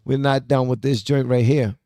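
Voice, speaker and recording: A man hosting a podcast, giving reaction commentary in an animated, incredulous way with frequent laughter. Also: medium pitch, moderate pace, no echo, studio quality. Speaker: podcast host.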